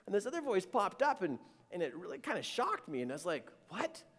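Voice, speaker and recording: A man's voice: high-pitched, wildly swooping pitch, quick pace, a bit bright. A man telling an earnest, dramatic personal story, voicing his own inner dialogue as he goes. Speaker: speaker sharing a personal story. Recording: long hall reverb.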